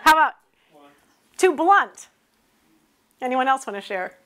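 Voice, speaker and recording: A woman instructor leading a workshop for a live audience, lively and joking, with quick asides. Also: high-pitched. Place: conference room.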